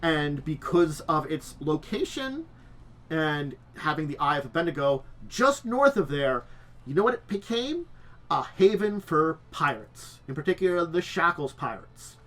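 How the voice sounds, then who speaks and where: A man's voice: on the high side, sing-song, measured pace, fairly bright tone. A man hosting a tabletop lore stream, chatty and rambling, with frequent restarts. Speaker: host.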